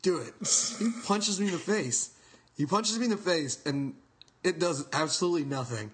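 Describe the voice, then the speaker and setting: A man's voice: a little high, normal speed, slight background noise. A young man co-hosting a podcast, telling a story in a rambling, laughing way and swearing freely. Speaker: podcast co-host. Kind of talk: casual chat, storytelling.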